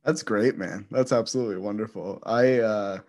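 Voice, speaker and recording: A man with a fairly low voice chats casually on a podcast. He mostly answers in short reactions and laughs along with the story. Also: moderate pace, darkish tone. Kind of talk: casual chat.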